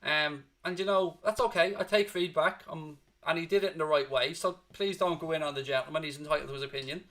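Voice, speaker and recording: A man's voice: fairly high pitch, quick pace, a bit bright. A male fan channel host on a live post-match stream, reading out chat comments in an emotional, blunt way that wanders onto tangents, and exhausted.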